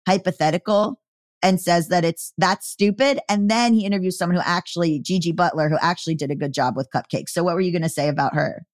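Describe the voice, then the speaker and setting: A woman with a slightly low voice hosts a casual podcast chat, telling animated stories and acting out what people said. Her voice sounds dry and close to the mic. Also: fast talker, no room sound. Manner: chatty, animated storytelling with quoted voices. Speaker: podcast host.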